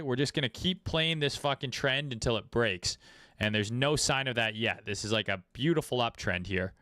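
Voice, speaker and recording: A man's voice: medium pitch, normal speed, sharp tone, no echo, studio quality. A man giving casual, profane, laid-back commentary on trading charts during a livestream, with many fillers. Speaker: trading streamer.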